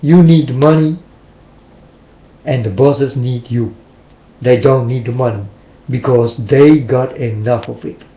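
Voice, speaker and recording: A man with a medium-pitched voice speaks slowly, leaving long pauses, as he lectures and scolds his listeners in a preachy monologue. His phrasing is emphatic, plain and a little non-standard. The recording is roomy, dull and lo-fi.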